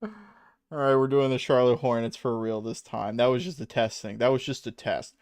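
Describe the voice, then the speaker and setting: A man's voice: medium pitch, fairly even intonation, moderate pace, a little mellow, clean tone, dry recording. A young adult man streaming a video game, rambling and self-mocking with a lot of swearing and frequent laughs. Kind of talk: casual gaming stream commentary.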